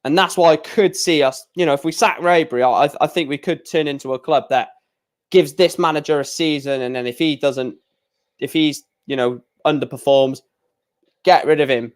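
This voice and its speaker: A man's voice: a little high, moderate pace. A young man chatting casually on a live stream, rambling with stammered restarts and blunt opinions.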